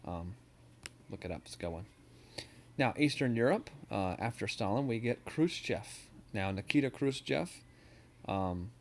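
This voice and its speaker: Man, history teacher, casual slide lecture, jokey, low voice, faint hiss. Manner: casual, joking, many fillers. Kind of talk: recorded lecture over slides.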